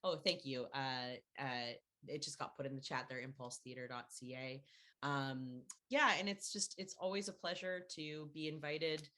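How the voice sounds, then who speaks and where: A woman's voice: extremely low pitch, moderate pace, sharp tone. A woman hosting a casual online panel chat from her home, playful and bubbly, laughing as she talks over a video call. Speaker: host.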